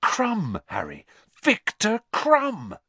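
A man's voice: a little high, very animated, a bit bright, no room sound, pitched above the performer's own voice. Ron Weasley, starstruck teen boy, as a man reads him. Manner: eager, gushing, quick to scorn. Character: excitable starstruck teenage boy wizard.

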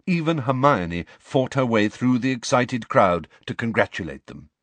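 A man's voice: medium pitch, normal speed, no echo. A man narrating a storybook audiobook expressively and voicing every character himself. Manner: expressive, plays all characters.

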